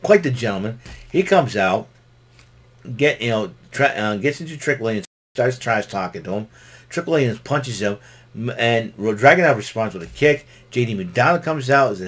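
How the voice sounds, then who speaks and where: A man hosts his own show and casually recaps the week's events. His voice is a little low, and his talk rambles loosely with frequent restarts. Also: moderate pace. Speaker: solo show host recapping wrestling.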